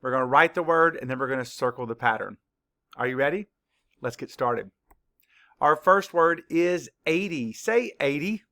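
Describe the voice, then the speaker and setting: A man teaching a children's spelling lesson, spelling words slowly, letter by letter, with clear, patient instructions. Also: on the high side, animated, sharp tone. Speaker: third-grade teacher.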